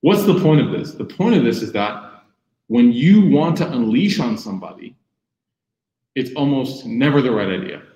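A young man giving a sermon, telling personal stories lively and acting out the voices in quotes. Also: mid-range voice, normal speed. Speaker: Muslim speaker giving a talk. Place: room with audience. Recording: echoey room.

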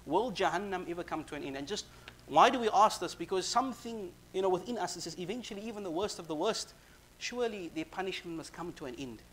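A man giving a sermon, quickly reciting verses and then explaining them in casual, conversational English. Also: sits high, animated, a bit bright, a little hiss or hum. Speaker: Islamic preacher.

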